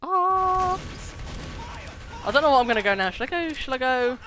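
A teenage boy chattering and joking excitedly while playing a shooter game online. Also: very high voice, racing. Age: teens. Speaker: gamer. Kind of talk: casual gameplay commentary.

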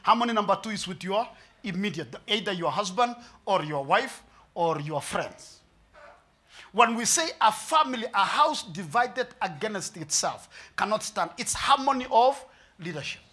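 Pastor, high bright voice, lively sermon delivery with loud peaks. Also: male voice, normal speed. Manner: animated preaching, swinging from hushed to shouting; mixes English and Swahili with humor.

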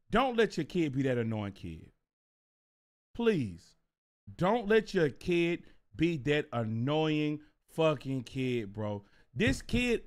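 A man streaming live, telling a story to his chat in a casual, profane way. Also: a little high. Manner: animated and profane, talks straight to viewers.

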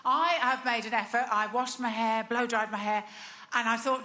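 Bright-voiced woman doing stand-up. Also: on the high side, fairly even intonation, moderate pace, in a large hall. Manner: wry, conversational, chatty asides. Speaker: stand-up comedian. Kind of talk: stand-up routine. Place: large theatre stage.

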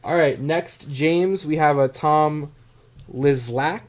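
A man's voice: on the high side, slow pace, background noise. A man hosting a live card-breaking stream in casual, self-mocking chat with a dry throat. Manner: joking, self-mocking, chatty.

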